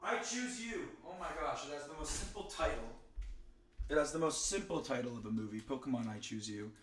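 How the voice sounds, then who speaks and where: Young male streamer, casual and digressive, loose storytelling, average pitch. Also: expressive, a little fast, fairly bright tone, slight background noise. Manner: rambling, digressive storytelling with many fillers. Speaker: streamer ranking cartoon characters. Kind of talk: casual chat.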